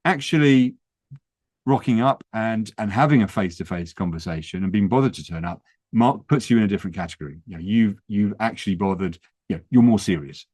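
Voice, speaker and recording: A man's voice: on the low side, expressive, a little fast, a little mellow, no echo. A man giving practical advice on a podcast, explaining in a conversational way with rhetorical questions. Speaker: property investment educator. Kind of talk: podcast talk.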